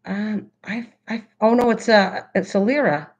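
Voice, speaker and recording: A woman hosting a casual craft livestream, chatting excitedly and answering her chat as she goes. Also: medium pitch, unhurried. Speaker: livestream host. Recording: slightly dull lo-fi stream audio.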